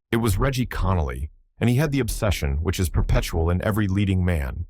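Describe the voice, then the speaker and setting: A man narrating a classic crime novel as an audiobook in a steady, measured reading. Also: low voice, slight background noise.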